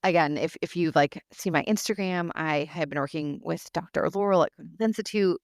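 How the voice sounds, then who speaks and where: A woman's voice: sits low, brisk, no echo, clean studio sound. A woman hosting her own podcast, earnestly telling a personal story with many fillers and restarts. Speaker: podcast host.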